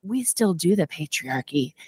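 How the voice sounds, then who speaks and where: A woman co-hosting a casual movie podcast, retelling a film with lively quoted voices and frequent laughter. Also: fairly low pitch, moderate pace, husky, no echo. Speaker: podcast co-host. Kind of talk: casual movie recap chat.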